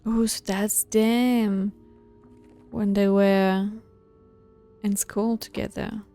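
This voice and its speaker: A woman's voice: medium pitch, flat delivery, drawn-out words, vocal fry, warm tone, faint music behind. A woman hosting a gaming video, chatting casually as she plays and thinking aloud with small laughs and hesitations. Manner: muses aloud while playing, with frequent small laughs and hesitations. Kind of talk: casual let's-play commentary, reading game letters aloud.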